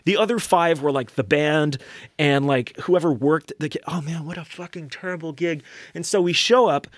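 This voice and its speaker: A man's voice: a little high, normal speed, no room sound, studio quality. Profane, rambling young man telling stories. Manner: rambling, profane, self-mocking. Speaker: podcast host. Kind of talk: casual storytelling.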